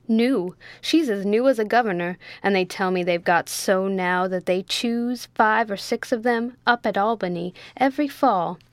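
A woman reading as a gruff blunt sea captain. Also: mid-range voice, moderate pace, few pauses, dry recording, lightly acted. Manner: blunt, exclamatory.

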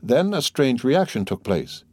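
A man reading a novel aloud in a measured, even narration. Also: medium pitch, dry recording, clean studio sound. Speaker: audiobook narrator. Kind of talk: scripted narration.

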